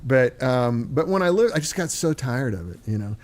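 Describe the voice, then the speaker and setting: A man's voice: mid-range voice, very animated, moderate pace, darkish tone. A man, chatting casually and joking with some swearing. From United States. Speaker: host. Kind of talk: casual chat.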